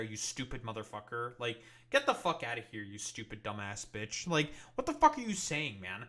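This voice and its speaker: A man's voice: medium pitch, expressive, moderate pace, hardly any pauses, pushed and bright. Furious swearing man ranting on stream. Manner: angry, profane, ranting with many fillers. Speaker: political streamer. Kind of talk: profane livestream commentary.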